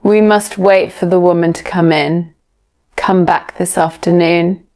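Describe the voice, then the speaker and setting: A woman reading the lines of a polite, businesslike male policeman at a front desk in a calm, plain way. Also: fairly low pitch, measured pace. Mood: matter-of-fact.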